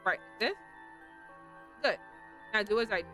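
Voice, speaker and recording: A composed spirit expert, read by a woman in close to her own voice speaks in a measured, formal way. The delivery is calm and plain, as in a visual novel read aloud. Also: medium pitch, soft background music, poor audio.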